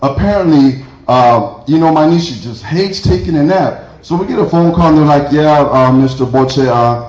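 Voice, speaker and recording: A man's voice: fairly high pitch, moderate pace, hardly any pauses, darkish tone. A middle-aged man from Mexico doing a rambling stand-up comedy set, chuckling at his own jokes. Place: church hall. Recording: roomy, dull lo-fi hall recording.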